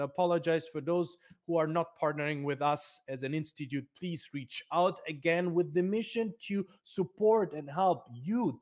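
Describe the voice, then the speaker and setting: A man's voice: a little high, a little mellow. A man speaking for a nonprofit foundation in an emphatic promotional talk, repeating words for stress.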